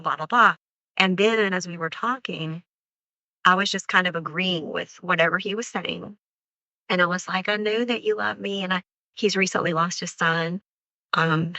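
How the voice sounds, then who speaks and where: A woman recounting a frightening attack in an unscripted interview, halting and full of fillers, acting out what was said. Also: fairly low pitch, pushed and bright, dry recording, muffled recording. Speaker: crime survivor recounting an attack.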